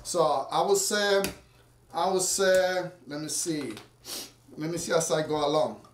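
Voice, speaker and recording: Speaking a little slowly in a slightly high voice, a man mixes a drink at home and rambles casually to his viewers. He's a home cocktail maker filming a laid-back cooking vlog, picked up from far off the mic with a roomy sound and slight background noise.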